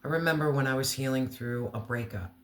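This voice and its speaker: A man giving an earnest, emotional tarot reading, slowing down to stress key words. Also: mid-range voice, fairly bright tone, echoey room. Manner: earnest, emotional, slow deliberate emphasis. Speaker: tarot reader.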